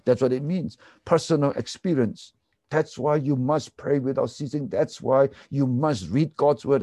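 A man preaching a sermon, earnest and emphatic, then dropping to hushed, quiet lines. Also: medium pitch, no room sound, clean studio sound. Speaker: pastor.

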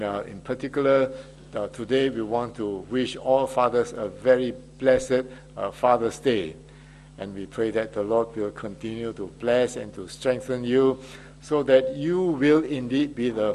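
A man preaching a Father's Day sermon as pastor, in a measured delivery with frequent hesitations. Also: mid-range voice, a little mellow, slight background noise.

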